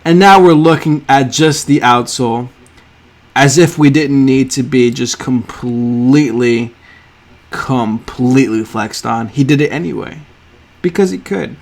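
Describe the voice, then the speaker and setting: A man talks slowly and at a middle pitch, gushing over sneaker drawings on screen. His awe is theatrical, and his voice swings from loud outbursts to hushed near-whispers. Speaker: sneaker art channel host.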